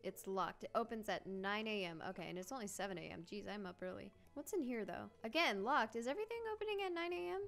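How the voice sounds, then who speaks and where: Young woman, gaming host, chatty and excitable, mid-pitched, reads on-screen text aloud. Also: fast, vocal fry, few pauses, soft background music. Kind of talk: casual let's-play commentary.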